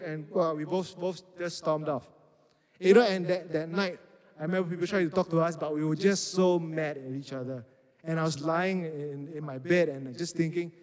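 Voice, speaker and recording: High-voiced man preaching. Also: moderate pace. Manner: animated storytelling with acted-out quotes. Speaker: youth pastor. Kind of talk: sermon. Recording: reverberant hall.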